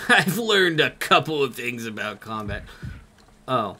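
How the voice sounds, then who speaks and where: A young man with a Minnesotan accent, commenting on a game live and reading its text aloud in an excitable, jokey way. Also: mid-range voice, unhurried. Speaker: streamer.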